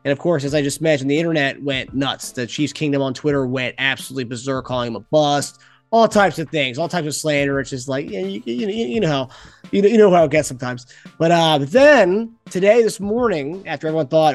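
A man hosting a sports podcast, chatty and quick to laugh. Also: on the high side, soft background music. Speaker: podcast host. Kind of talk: casual sports podcast chat.

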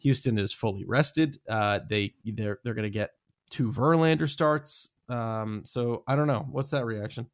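A man co-hosting a sports podcast, chatting casually in a hesitant, halting way. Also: mid-range voice, no echo, studio quality. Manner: hesitant, halting, lots of restarts. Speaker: podcast co-host. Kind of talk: casual chat.

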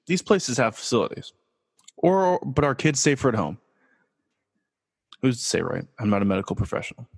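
A man's voice: medium pitch, very animated, normal speed, gravelly, long pauses, breathy edge, big-room sound. A man from Los Angeles hosting his own sports talk show, casual and joking, asking himself rhetorical questions. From Los Angeles, USA. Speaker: podcast host.

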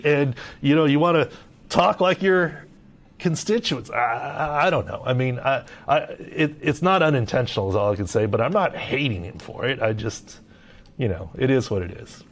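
A man's voice: mid-range voice, expressive, normal speed. A middle-aged man from Southern California, giving emphatic podcast injury analysis and leaning on "look" and "right?". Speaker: sports medicine analyst.

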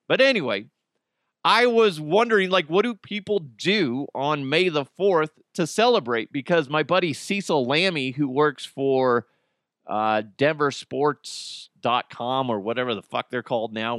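A man's voice: mid-range voice, a bit bright, clean tone, no echo, studio quality. A man hosting a casual solo podcast, joking and rambling, swearing freely and slipping into mocking voices. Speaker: podcast host.

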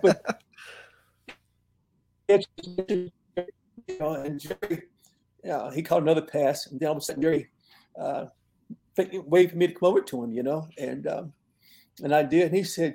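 Older male coach guest, mellow and a touch high, laid-back storyteller. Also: moderate pace, vocal fry, pauses often. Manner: relaxed anecdotal storyteller who laughs at his own tales. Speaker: guest, longtime football receivers coach. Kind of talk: storytelling in an interview.

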